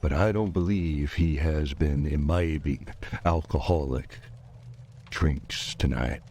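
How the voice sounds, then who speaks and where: Male player, very low voice, folksy drawl, in-character tabletop play. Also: slow pace, darkish tone, slightly rough.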